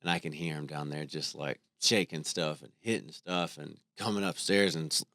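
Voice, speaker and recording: A man in his thirties, a podcast co-host, telling stories about his family in a relaxed, conversational way. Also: extremely low pitch, moderate pace, no echo, clean studio sound. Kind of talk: casual faith conversation.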